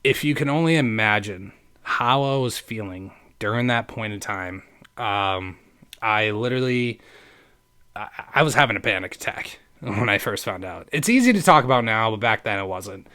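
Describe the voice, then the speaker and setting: Smooth-voiced man telling a personal story. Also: fairly low pitch, animated, normal speed, bright, forceful tone. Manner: earnest, rambling, addresses listeners directly. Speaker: podcast host.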